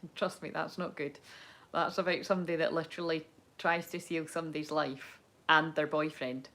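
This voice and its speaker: With a deep yet fairly bright voice, level in tone and a little fast, a young adult tarot reader works through a casual reading. She is candid and rambling, swearing freely and laughing frequently.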